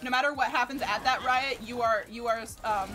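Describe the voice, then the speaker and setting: High-voiced woman streamer, animated. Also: brisk. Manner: animated, exclaiming and cursing at the game. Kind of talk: casual gameplay commentary. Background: game music and sounds.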